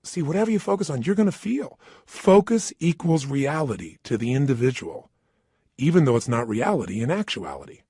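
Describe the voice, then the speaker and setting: Husky, animated motivational speaker man. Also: mid-range voice, brisk, no room sound, clean studio sound. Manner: emphatic, with rhetorical questions to the listener. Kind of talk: energetic motivational talk. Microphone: standing and speaking into a microphone.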